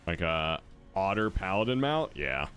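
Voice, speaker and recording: Laid-back lower-voiced man streaming. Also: big pitch swings, unhurried, fairly bright tone. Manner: chatty, laid-back, reacting to chat and gameplay. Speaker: streamer playing a game live. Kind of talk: casual live-stream chat while gaming.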